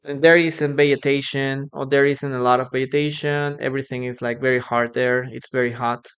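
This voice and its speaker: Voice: mid-range voice, little pitch movement, fairly quick, a bit bright. An English teacher from Peru with a Peruvian Spanish accent, a native Spanish speaker, giving a live online English lesson, repeating words to drill pronunciation and thanking viewers often.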